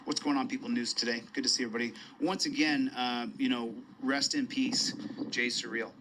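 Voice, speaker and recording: A man rambles casually through a live stream at a mid pitch, circling back over his words and greeting viewers. There is a faint background noise behind him. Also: steady tone, brisk. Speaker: livestreamer.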